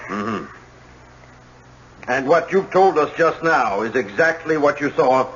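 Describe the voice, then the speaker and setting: An actor playing a calm male prosecutor who questions a witness in a measured, formal way in a 1970s radio drama. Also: fairly high pitch, slight background noise. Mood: probing. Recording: dull old radio broadcast.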